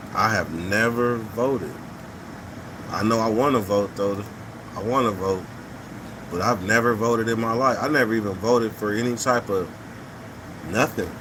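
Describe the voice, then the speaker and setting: A man's voice: on the low side, background noise. A man hosting a casual live talk stream, reading viewer comments and giving blunt, profane opinions, often repeating his points.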